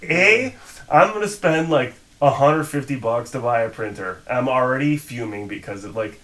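Profane guy venting a long story to his friends, mid-pitch voice, casual podcast chat. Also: moderate pace, poor audio. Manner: animated retelling with quoted voices. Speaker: podcast co-host.

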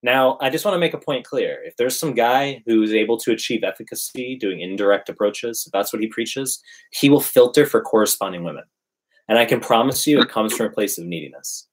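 A man's voice: medium pitch, fairly quick. A man in casual conversation, emphatically preaching his dating advice. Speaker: dating coach. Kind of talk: casual podcast chat.

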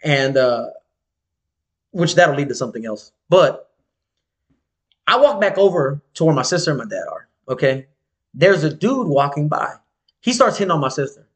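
A podcast co-host tells a story in a casual chat, his voice on the high side at a moderate pace with long pauses. He's animated, slangy and profane, and acts out the voices of the people he quotes.

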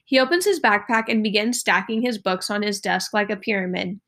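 A woman teacher reading a novel aloud to her class in an expressive way. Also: medium pitch, brisk.

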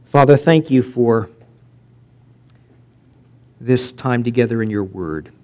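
A man preaching a sermon as pastor, swinging from loud emphatic peaks to quiet drops and slowing down to read scripture aloud. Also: medium pitch. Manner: animated preaching, rising and dropping sharply for emphasis.

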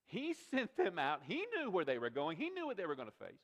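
A man's voice: high voice, huge pitch swings, brisk, lo-fi sound. A male pastor preaching a sermon, emphatic and repetitive, asking rhetorical questions of his congregation. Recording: long reverb of a large hall.

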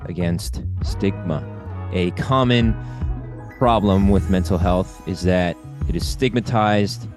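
A man's voice: low-pitched, a little mellow. A man co-hosting a casual podcast, upbeat and talking at length to explain ideas. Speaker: podcast co-host.

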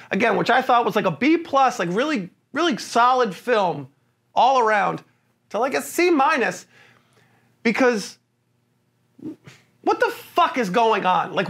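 High, gravelly man ranting about a film. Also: a bit bright. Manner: ranting, profane, mocking impressions, laughs mid-sentence. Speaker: podcast co-host. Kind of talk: casual film review chat.

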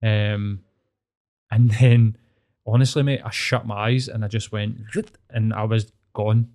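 A man's voice: on the low side, fairly even intonation, a little slow, darkish tone. A man with a Glasgow accent spins a long personal story in casual talk. He rambles, swears freely and leans on fillers, as a therapist chatting off duty. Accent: Scottish, Glasgow.

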